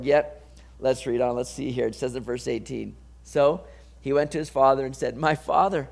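Animated man preaching, slightly high voice. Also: a little fast, vocal fry. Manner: animated, acts out voices of the people in the story. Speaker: pastor. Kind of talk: sermon with scripture reading.

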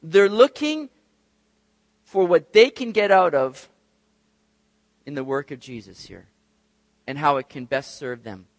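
Male pastor, high voice, dry close sound, animated sermon delivery that jumps up for acted-out scenes. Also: a little slow, pauses often, no echo. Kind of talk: expository sermon.

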